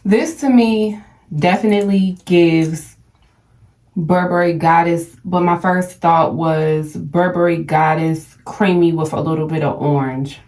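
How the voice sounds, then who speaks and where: A young woman records a casual perfume unboxing on her phone, excited and gushing as she stumbles over brand names. Her voice sits a little low, and she talks slowly and unhurriedly. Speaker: perfume vlogger.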